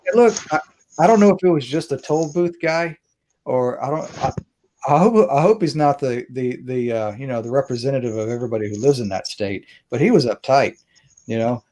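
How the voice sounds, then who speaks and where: A man's voice: medium pitch, moderate pace, a little mellow, a little hiss or hum. A man tells a long, wandering story on a video call. He keeps restarting his sentences and chuckles at his own jokes, speaking in an ordinary middle register. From Mississippi. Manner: rambling, self-interrupting, laughs at his own story. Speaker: host. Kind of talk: casual storytelling chat. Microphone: webcam or phone on video call.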